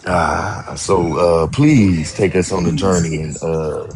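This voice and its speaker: A man hosting a livestream, talking in a halting, encouraging way with many fillers. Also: low voice, a little mellow, slight background noise. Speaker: livestream host.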